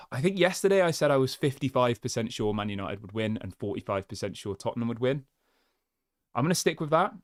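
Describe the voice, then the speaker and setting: A man's voice: mid-range voice, no room sound. Chatty man, dry close sound. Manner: chatty, thinks aloud with restarts. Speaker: football channel host. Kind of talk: casual solo fan commentary.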